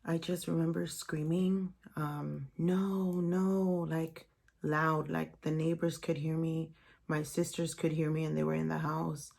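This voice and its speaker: In a personal storytime vlog, a young woman shares a painful memory with her audience, speaking haltingly and emotionally with lots of "like" and "um." Her low voice hardly rises or falls, level and a little mellow, with gravelly fry throughout.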